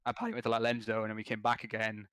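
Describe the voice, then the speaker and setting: A man guesting on a podcast, telling a gaming story in an animated, slangy way with quick restarts. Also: on the low side, clean tone, no room sound. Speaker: podcast guest, competitive gamer.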